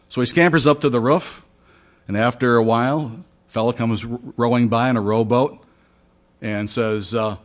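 Male pastor giving an easygoing sermon, mid-pitched voice, conversational with asides. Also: steady tone, moderate pace. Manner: conversational, with fillers and restarts.

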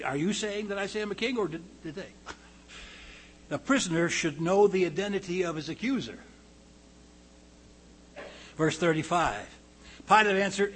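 A man preaching a verse-by-verse Bible study, reading quotes aloud louder and higher, then dropping low to comment, often clearing his throat. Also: a little hiss or hum, low-quality recording.

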